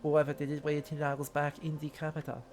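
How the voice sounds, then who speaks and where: A man voicing a vain, flamboyant male swordsman prophet in a deliberately awful fake French accent, reading with mock grandeur. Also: a little high, completely flat delivery, a little mellow, faint music behind, natural voice. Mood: haughty. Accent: exaggerated fake French. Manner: theatrical, mock-grand reading of game lines.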